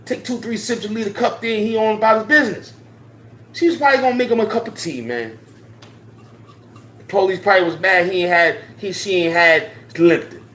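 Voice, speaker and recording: A man's voice: high voice, a little fast, fairly bright tone, slight background noise. A man giving impassioned, slangy social commentary to his viewers, repeating his points for emphasis. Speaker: online commentator. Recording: roomy echo.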